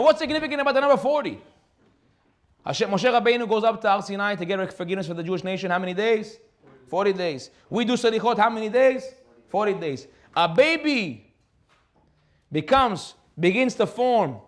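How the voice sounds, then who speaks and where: A man, a rabbi, giving a sermon with animated storytelling, rhetorical questions and frequent laughs. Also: high-pitched, normal speed.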